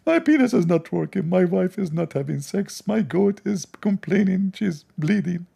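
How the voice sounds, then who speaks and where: Man putting on a whining desperate pleader, high and strained, husky. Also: animated, normal speed, mellow, exaggerated voice. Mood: pleading, desperate. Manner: whiny, pleading.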